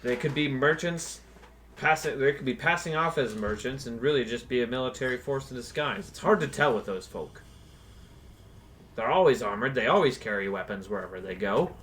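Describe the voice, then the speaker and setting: A man's voice: mid-range voice, animated, a little fast, a bit bright, a little hiss or hum, voice pushed up, lightly acted. A man voicing an angry, suspicious city governor in a tabletop game, speaking in a raised, heated voice. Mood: agitated.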